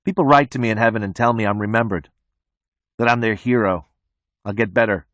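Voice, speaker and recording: A man narrating an audiobook in the first person, with a flat, detached delivery. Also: lowish voice, brisk, no room sound, studio quality.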